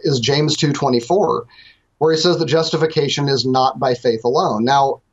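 Husky, hesitant male guest theologian. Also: medium pitch, moderate pace, muffled recording. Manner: thoughtful, hesitant, many ums and restarts. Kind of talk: explaining on a call-in show.

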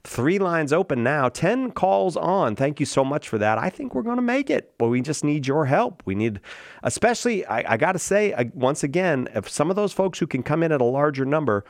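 A man's voice: fairly high pitch, sing-song, no echo. A male radio host making an upbeat, urging pledge-drive appeal from a studio. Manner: upbeat, urging, repeats phone number slowly. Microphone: studio microphone.

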